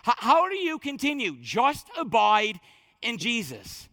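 A male pastor preaching a sermon in church, emphatic, swinging from loud declarations to hushed, near-whispered lines. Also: very high-pitched, wildly swooping pitch, measured pace, no room sound, clean studio sound.

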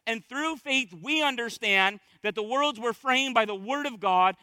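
A man's voice: very high-pitched, measured pace, sharp tone, no room sound. Man preaching a sermon with emphatic repetition, dry close sound. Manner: emphatic, repeats key phrases for weight.

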